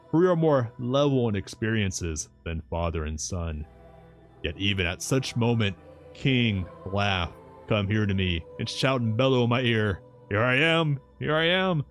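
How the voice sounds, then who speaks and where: A man voicing a deep-voiced old rambling professor. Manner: archaic broken-English phrasing.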